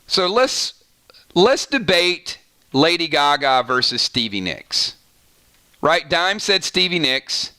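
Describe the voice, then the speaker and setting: Guy chatting on a livestream, reads out chat, bright slightly high voice, lots of "right?". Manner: chatty and animated, quick asides, frequent "right?". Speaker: host of a gaming channel livestream. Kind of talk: casual livestream chat reading viewer comments.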